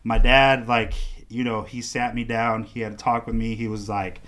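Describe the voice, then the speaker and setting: This podcast guest, an artist, has a medium-pitched voice and a moderate pace with few pauses. He tells a story casually and animatedly, voicing the other characters' dialogue himself.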